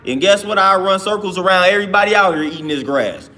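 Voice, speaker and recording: A man with a high-pitched, sharp voice talks quickly while hosting a livestream. He answers his chat in a loose, casual way and often restarts his sentences.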